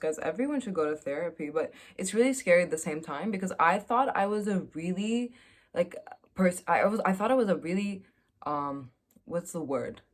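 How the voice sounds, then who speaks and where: Young woman vlogger with a slightly low voice, candid and self-mocking, casual confessional delivery.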